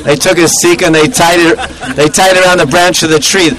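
Lively male storyteller, slightly high voice, chuckles, acts out his characters. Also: fast talker, rough recording. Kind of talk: devotional storytelling talk.

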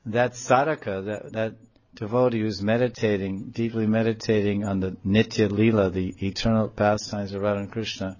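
Low-voiced man telling a devotional story. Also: moderate pace, highs cut off. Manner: animated, acts out quotes in the story. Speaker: religious storyteller.

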